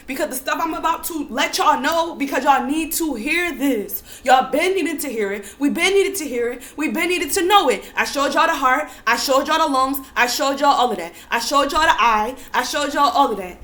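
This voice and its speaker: A young American woman giving an emphatic, repetitive monologue to camera, often building to near-yelling. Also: high-pitched, lively intonation, moderate pace, few pauses. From United States. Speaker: spiritual vlogger.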